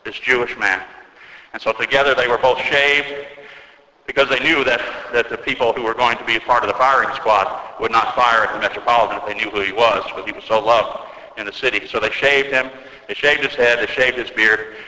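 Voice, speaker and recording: A man's voice: medium pitch, steady tone, bright, forceful tone. Man preaching in an echoey church. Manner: earnest storytelling preacher, slows for emphasis. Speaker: Orthodox priest. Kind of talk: sermon. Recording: echoey church with long reverb.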